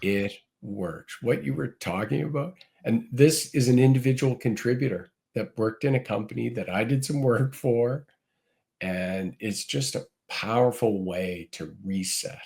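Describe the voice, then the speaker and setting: A man's voice: mid-range voice, a little slow, vocal fry, darkish tone. A man being interviewed as a gratitude speaker, earnestly telling a story and acting out the quoted dialogue. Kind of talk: interview answers.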